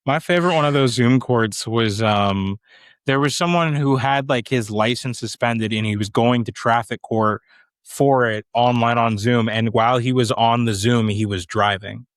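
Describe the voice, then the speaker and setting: A man co-hosting a podcast, easygoing and full of fillers as he tells funny stories. His mid-pitched voice is dry and close, with no room sound. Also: moderate pace, no room sound. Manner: relaxed, anecdotal, filler-heavy. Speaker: co-host. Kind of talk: casual podcast chat.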